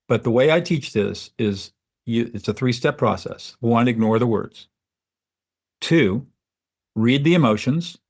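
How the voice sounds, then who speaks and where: Gravelly-voiced male mediator explaining. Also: medium pitch. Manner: measured, teaching in numbered steps. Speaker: mediator and guest. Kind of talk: podcast interview, explanatory.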